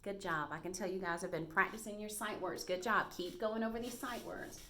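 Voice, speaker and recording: A woman teaching a first grade reading lesson to young children, speaking slowly and encouragingly and sounding out words clearly. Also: medium pitch, fairly bright tone, a little hiss or hum.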